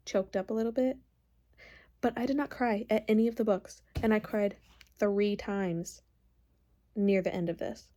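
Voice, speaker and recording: A woman's voice: fairly high pitch, darkish tone. A young woman book vlogger chatting casually, gushing and emotional, filling her talk with "like". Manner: gushing, emotional, lots of "like" fillers. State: tearful, crying happy tears. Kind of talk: casual vlog chat.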